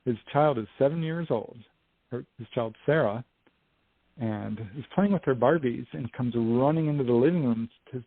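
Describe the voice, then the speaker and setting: A man as an interview guest telling a story in a casual, animated way, acting out what people said, over a dry phone line. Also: medium pitch, moderate pace, husky, no room sound. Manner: animated storyteller, acts out quotes. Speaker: guest, UFO investigator and author.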